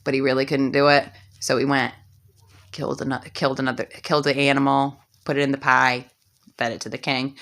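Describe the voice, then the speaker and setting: A woman's voice: very deep voice, level tone, fairly quick, a bit bright. A woman telling a comic story with sassy, slangy asides. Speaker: comedic storyteller.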